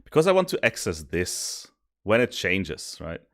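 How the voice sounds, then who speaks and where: A man streaming while he codes, thinking aloud, mocking his own mistakes and sometimes yelling happily. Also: deep voice, unhurried. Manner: thinks aloud, self-mocking, bursts of excited yelling and laughter. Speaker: streamer coding a simulation tool. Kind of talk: casual live coding commentary.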